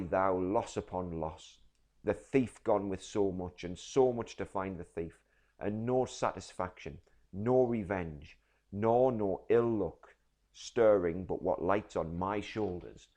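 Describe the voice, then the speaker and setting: A deep-voiced man reading as a bitter, grieving older moneylender, loud and impassioned as he rails over his losses. The voice sits low and heavy, pushing hard on each complaint.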